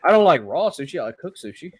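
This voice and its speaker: Blunt, offhand man with a lively voice. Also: on the high side, fast talker, breathy edge. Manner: blunt, offhand, swears casually. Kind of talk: casual chat.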